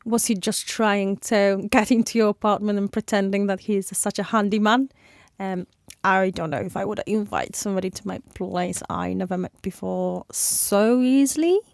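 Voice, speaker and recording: A woman's voice: medium pitch, moderate pace, vocal fry, dry recording, clean studio sound. A woman giving casual reaction commentary in a sympathetic, chatty, giggly way. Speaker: reaction video host.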